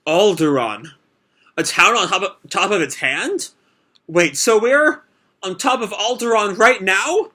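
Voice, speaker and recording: A man's voice: sits high, lively intonation, measured pace, sharp tone. A young man hosting a live manga reaction, reading and commenting in a casual, rambling way. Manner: casual, rambling, many fillers.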